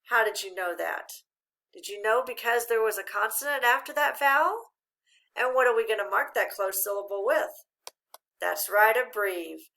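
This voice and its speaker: A woman teaching a phonics lesson to children, spelling letters out slowly and praising often. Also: fairly high pitch, bright, forceful tone. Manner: slow, drawn-out spelling of letters with encouraging praise.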